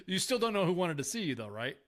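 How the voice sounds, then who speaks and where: A man's voice: sits high, very animated, fast, fairly bright tone. Man interviewing, short nods of agreement. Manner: short acknowledgments, sympathetic listener. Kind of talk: casual interview.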